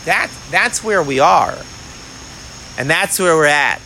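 Guy giving an outdoor talmud class, high bright voice, lots of rhetorical questions, a bit of traffic hum behind. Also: takes it slowly, rough recording. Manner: animated, asks rhetorical questions, mixes Hebrew and Aramaic phrases. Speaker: Torah teacher.

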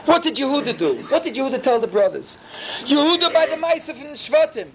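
A man teaching a Torah class, telling stories with animated swings in pitch and many rhetorical questions. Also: fairly quick, a little hiss or hum.

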